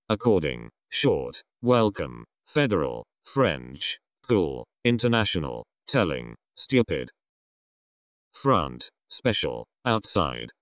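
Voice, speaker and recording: A man reading a vocabulary list aloud, one word at a time with pauses between words. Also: deep voice, no room sound, clean studio sound. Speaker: vocabulary reader.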